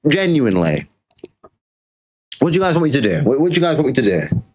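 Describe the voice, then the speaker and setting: British guy ranting on stream, sarcastic and crude, average pitch. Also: big pitch swings, rapid-fire, a little mellow. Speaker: streamer host. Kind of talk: livestream rant.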